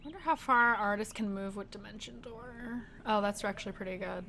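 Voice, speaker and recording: A woman's voice: medium pitch, fairly quick, pushed and bright, slight background noise. A woman narrating as dungeon master of a tabletop game, chatty and laughing often, thinking aloud with fillers.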